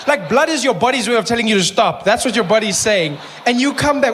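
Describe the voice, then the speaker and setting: A man from South Africa with a South African accent, doing animated, mock-indignant stand-up comedy. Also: very high-pitched, fairly quick, hardly any pauses. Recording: noisy live stage recording.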